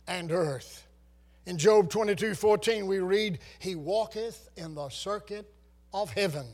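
A man's voice: sits high, a little slow, a little mellow. A man preaching a sermon, reciting scripture with dramatic, swelling emphasis.

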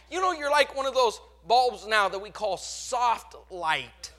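A man's voice: sits high, expressive, unhurried, fairly bright tone. A man with a Texas accent preaching a sermon, with emphatic surges in volume. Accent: Texan.

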